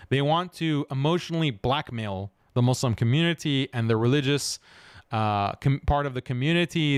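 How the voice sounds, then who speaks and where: A male host delivering commentary in a scornful, emphatic tone, laughing often. His voice sits at a middle pitch. The sound is close and dry. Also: clean tone, no room sound. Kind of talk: commentary reaction show.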